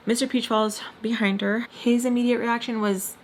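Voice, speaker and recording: A woman's voice: medium pitch, fairly even intonation, normal speed, hardly any pauses, a little hiss or hum. Blunt young woman telling a storytime. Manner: blunt, swears, uses lots of fillers. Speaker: storytime vlogger. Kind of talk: casual storytime chat.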